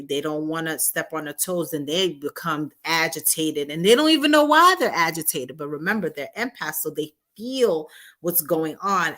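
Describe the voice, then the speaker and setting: A woman with a somewhat low voice hosts an online talk, laying out her points step by step. She keeps checking in with her listeners and sometimes slips into the voices of the people she describes. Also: a bit bright. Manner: explains step by step, often checks in with "right?" and "okay?"; acts out quoted voices of partners. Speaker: host. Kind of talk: talk on relationships to an online audience.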